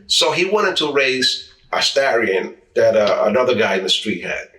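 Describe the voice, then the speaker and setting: A man from the New York area, once a street racer, gives an interview in a mid-range voice that is animated, pushed and bright, at normal speed with few pauses. He tells casual stories, dramatizes quoted speech and often restarts. The distant mic gives a roomy sound.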